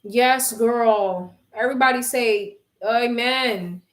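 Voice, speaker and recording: A woman's voice: a little high, slow pace, roomy sound. A young woman vlogger venting frankly to her phone camera, swearing and addressing her viewers as y'all. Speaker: vlogger and tarot reader.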